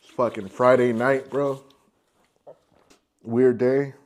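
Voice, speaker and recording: A man in a casual podcast chat with a middle-pitched voice. He talks in loose slang, swears, and ends most lines with "bro.". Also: flat delivery, takes it slowly, darkish tone. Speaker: podcast host.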